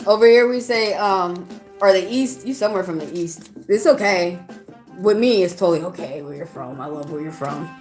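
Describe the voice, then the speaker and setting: A woman's voice: on the low side, moderate pace, darkish tone. Outspoken Southern woman reading tarot live. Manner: chatty, outspoken, talks straight to chat. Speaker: tarot reader. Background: faint background music.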